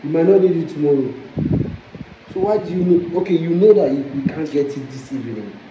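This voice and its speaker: A man with a mid-pitched voice, coaxing and pleading in a soothing way. The recording is echoey and muffled, with loud background noise from a phone video. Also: lively intonation, a little fast. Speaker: husband. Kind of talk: casual late-night talk.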